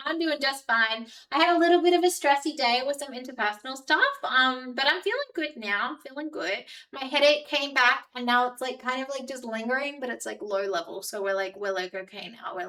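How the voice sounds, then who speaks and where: A woman's voice: on the high side, sharp tone, distant mic, low-quality recording. A woman with an Australian accent, chatting casually with her live-stream audience and rambling with lots of "like". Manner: chatty, rambling, heavy use of "like".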